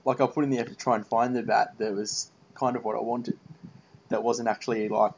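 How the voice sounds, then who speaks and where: A man's voice: medium pitch, flat delivery, brisk, vocal fry, a little mellow, husky. Earnest man host, muffled sound. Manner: earnest, rambling with fillers. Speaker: podcast host. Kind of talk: casual interview chat. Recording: dull muffled podcast audio.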